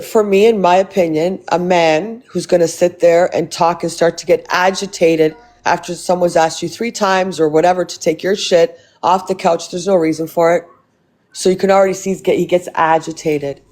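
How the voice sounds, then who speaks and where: A woman's voice: lowish voice, a little mellow. A woman hosting a livestream, ranting bluntly into her phone with heavy swearing, repeating her points for emphasis. She keeps circling back to the same complaint in an angry, casual tone. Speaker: livestream host.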